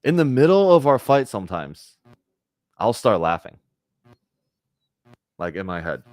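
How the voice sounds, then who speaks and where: A man's voice: medium pitch, very animated, measured pace, darkish tone, no echo, clean studio sound. A man giving a conversational spiritual talk to a group, often checking in with "right?" and acting out little bits of dialogue. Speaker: spiritual teacher.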